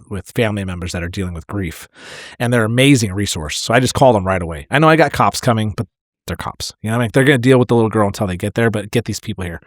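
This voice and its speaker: A man's voice: on the low side, no room sound, clean studio sound. A man, a firefighter and podcast co-host, telling a hard call story in candid casual chat and swearing freely as it gets emotional.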